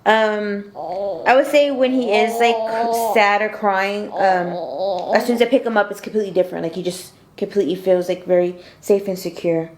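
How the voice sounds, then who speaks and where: A woman speaks casually in an interview. Her voice is mid-pitched and soft-spoken, with frequent "um"s and easy laughter, and the room around her echoes noticeably. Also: normal speed. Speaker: mother of the child.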